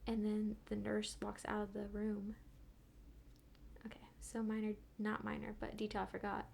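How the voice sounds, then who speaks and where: A woman, a midwifery student and podcast guest, telling a story in a casual, animated way and sometimes dropping to a whisper. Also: mid-range voice, normal speed, vocal fry, slight background noise. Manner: animated retelling, drops into whispers.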